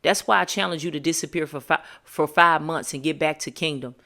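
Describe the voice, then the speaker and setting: A woman's voice: sits low, brisk, bright, forceful tone. A woman hosting a podcast, giving a motivational monologue in a preachy, emphatic, slangy way. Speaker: podcast host.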